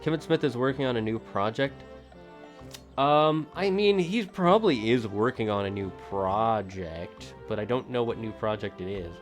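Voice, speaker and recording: A male streamer talking casually over gameplay, rambling and correcting himself as he shares strong opinions. His voice sits at an ordinary middle pitch, with soft game music playing underneath. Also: lively intonation, normal speed. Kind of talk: casual let's-play chatter.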